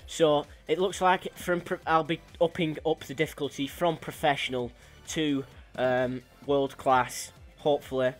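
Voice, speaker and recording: A man's voice: on the high side, steady tone, a little slow, hardly any pauses, faint music behind. A young man giving casual, rambling commentary over his own gameplay as a channel host, with plenty of fillers and self-corrections.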